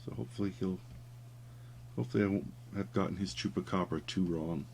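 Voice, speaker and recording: A man's voice: low voice, fairly quick, vocal fry, a little mellow, a little hiss or hum. A man telling a story in a casual, rambling way while he draws, with many fillers. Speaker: caricature artist streaming his drawing. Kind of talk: casual chat while drawing.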